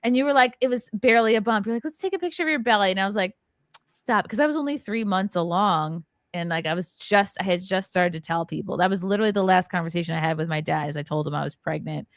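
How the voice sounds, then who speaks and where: A woman's voice: fairly low pitch, fast, hardly any pauses, dry recording, clean studio sound. A woman in her thirties, a stand-up comic hosting a podcast, talking candidly and with plenty of profanity, her voice jumping up when she gets worked up. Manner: candid and profane, voice rising sharply when upset. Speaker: host, stand-up comedian. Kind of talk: emotional podcast conversation.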